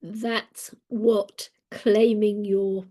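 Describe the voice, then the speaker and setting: Slow, earnest woman in her sixties. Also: mid-range voice, flat delivery, dark tone. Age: 60s. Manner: unhurried, earnest, repeats words as she gathers thoughts. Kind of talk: reflective spoken talk on personal growth.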